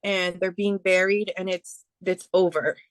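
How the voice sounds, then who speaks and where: A woman giving a spiritual reading as a medium, speaking haltingly with many fillers and restarts. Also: lowish voice, steady tone, no room sound. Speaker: psychic medium.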